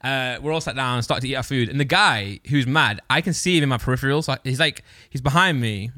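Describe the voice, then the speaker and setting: A man's voice: mid-range voice, quick pace, sharp tone, no room sound, clean studio sound. A man telling a long story in casual chat on a podcast. He rambles, corrects himself and laughs as he goes. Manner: rambling, self-correcting, laughs through his own story.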